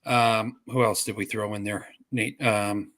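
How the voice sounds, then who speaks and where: A man's voice: lowish voice, flat delivery, a little slow, fairly bright tone. A man co-hosting a sports podcast in casual chat, cursing freely and rambling with restarts. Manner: profane, rambling, with filler-heavy restarts. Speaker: podcast co-host.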